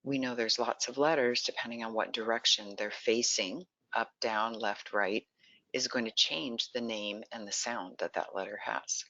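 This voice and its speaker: A presenter teaching early literacy in an online webinar, explaining patiently and pausing to ask listeners questions. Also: mid-range voice, steady tone, sharp tone, dry recording. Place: lives in Texas. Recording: dull lo-fi dry sound.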